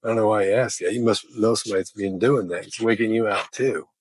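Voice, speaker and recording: Brief: man, relaxed chatty storyteller, husky low voice, dry recording. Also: fast, no echo. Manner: chatty, laughs while telling stories. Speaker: body language expert. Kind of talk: casual storytelling.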